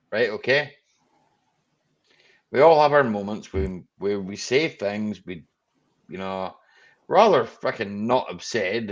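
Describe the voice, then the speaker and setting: A man's voice: lowish voice, lo-fi sound. A Scottish man hosting a casual live chat, blunt and sweary, who keeps checking in with "right? okay?". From Scotland. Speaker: livestream host.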